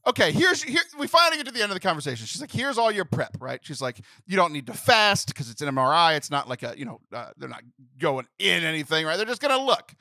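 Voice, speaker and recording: A man in his thirties hosting a podcast, telling a comic story with animated, laughing delivery and exasperated outbursts. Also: a little high, fast, no room sound, studio quality. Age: 30s. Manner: animated, laughing, acts out phone voices in exasperated bursts. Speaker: podcast host. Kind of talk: comedic storytelling chat.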